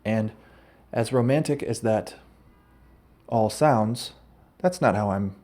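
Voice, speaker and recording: A man's voice: fairly low pitch, slow, a little mellow. A man hosting a podcast, telling a rambling, absurd comic story and often breaking off to correct himself. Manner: rambling, absurd, self-interrupting. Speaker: podcast host. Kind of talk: comedic storytelling monologue.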